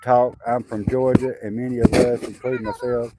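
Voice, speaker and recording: A man's voice: mid-range voice, flat delivery, moderate pace, very noisy. An older man with a Southern accent, chatting casually on a homestead live stream, rambling with lots of fillers and restarts. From Southwest Arkansas, USA. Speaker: homesteader livestreaming. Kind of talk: casual live-stream chat reading comments. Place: outdoors on a rural homestead.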